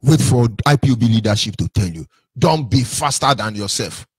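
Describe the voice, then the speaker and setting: Nigerian guy preaching hard to callers, husky voice, dry close sound. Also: medium pitch, lively intonation, moderate pace, no echo. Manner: preaching, rhetorical questions, repeats for emphasis. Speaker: movement speaker on a call-in line. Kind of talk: impassioned address to listeners.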